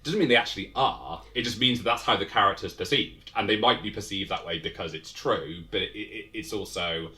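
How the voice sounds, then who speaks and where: Deep, bright-toned man, hesitant. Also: a little fast, hardly any pauses. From England. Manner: hesitant, thoughtful, many fillers and restarts. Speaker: game designer guest. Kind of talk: casual interview chat.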